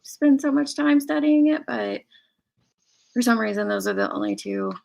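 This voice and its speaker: A woman's voice: high-pitched, normal speed, gravelly, a little mellow. A woman hosting a casual online chat, talking in a giggly, chatty way. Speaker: host.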